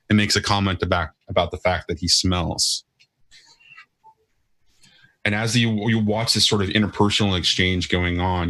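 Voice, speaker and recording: Game master, male, deep and bright, halting narration with fillers.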